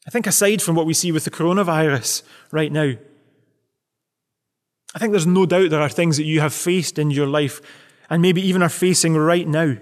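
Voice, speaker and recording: At a normal speed, this pastor's Sunday sermon keeps firing earnest questions at the congregation. The room gives his fairly high male voice a long, reverberant tail.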